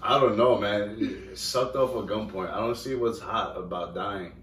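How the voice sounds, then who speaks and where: A man co-hosting a crude comedy podcast, tossing in quick punchlines, recorded through a distant camera mic. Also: lowish voice, a little hiss or hum. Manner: animated joker, quick punchline interjections. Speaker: podcast co-host. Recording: roomy audio pulled from a video, far from mic, laughter. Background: friends laughing.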